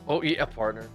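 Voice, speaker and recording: A man's voice: medium pitch, sharp tone. A man livestreaming a game, talking loosely and jokingly to his chat, swearing and calling them dude. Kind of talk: casual gameplay stream chat.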